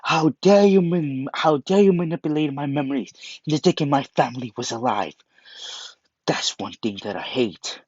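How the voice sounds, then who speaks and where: A man's voice: a little high, normal speed, a little mellow, husky, dry recording. A man voicing Tanjiro, a furious teenage boy demon slayer, in an angry, accusing tone, on a muffled, dry recording.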